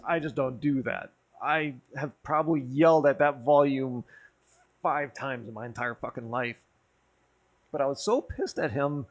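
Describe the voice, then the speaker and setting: A man streaming and telling a rambling, profane story over a few drinks, getting worked up as he goes. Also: on the high side. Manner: rambling, profane, animated when riled. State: drinking, tipsy. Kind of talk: casual storytelling chat.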